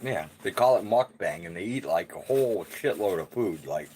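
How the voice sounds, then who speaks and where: Laid-back man with a low voice. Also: animated, normal speed, dark tone, a little hiss or hum. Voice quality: laid-back, rambling, lots of fillers. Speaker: co-host reading chat. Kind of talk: casual livestream chat.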